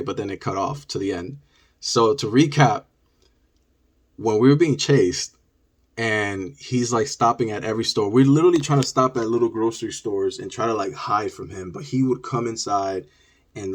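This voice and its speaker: Husky New man telling a story. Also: on the low side. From New York. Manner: animated, many "like" fillers. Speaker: vlogger. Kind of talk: storytelling vlog.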